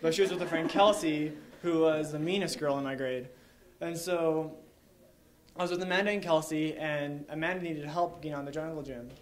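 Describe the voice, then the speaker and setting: A man's voice: a little high, normal speed, a little hiss or hum. A young man telling a live story to an audience, rambling with lots of "like" and chuckling along the way. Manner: rambling, heavy use of "like", chuckles while telling.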